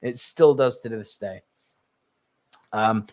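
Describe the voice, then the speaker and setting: Male solo podcast host, passionate and rambling, middle pitch, close dry mic. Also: slow pace, long pauses, dry recording. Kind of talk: solo podcast talk, reading live chat.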